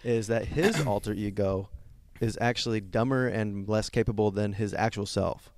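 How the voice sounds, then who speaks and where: A man's voice: on the low side, normal speed, darkish tone, no room sound. A man co-hosting a casual comedy podcast, telling self-mocking stories in a joking way. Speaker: podcast co-host.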